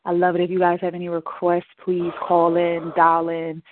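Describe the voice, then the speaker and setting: A woman's voice: lowish voice, monotone, moderate pace, slight background noise. A woman hosting an internet radio talk show, out of breath and chatting animatedly with her listeners. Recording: tinny phone-like dry sound.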